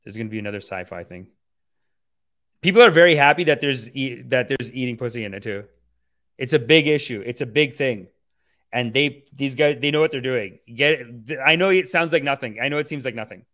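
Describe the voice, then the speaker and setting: A man hosting a podcast, chatting casually and reacting to a film trailer in an animated, profane, rambling way. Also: mid-range voice, a little fast. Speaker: podcast host.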